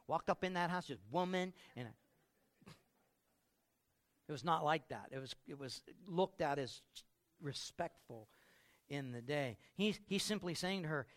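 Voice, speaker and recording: A man's voice: on the high side, a little fast, fairly bright tone. A middle-aged man preaching a sermon with playful storytelling, acting out scenes. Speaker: pastor.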